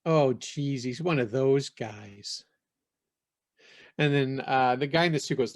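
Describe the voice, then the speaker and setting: A man narrating a tabletop game as game master, halting with many fillers. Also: mid-range voice, dry recording, clean studio sound.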